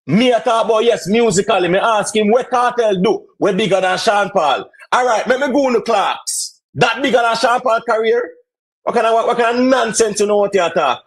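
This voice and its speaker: High-voiced Jamaican man shouting rebuttals. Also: dry recording. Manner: forceful, mocking, shouting rebuttals. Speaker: debate caller. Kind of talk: heated live stream debate.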